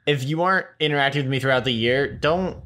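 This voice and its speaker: A young man co-hosting a podcast in casual chat, rambling and excitable, often repeating himself. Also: medium pitch, quick pace. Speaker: podcast co-host.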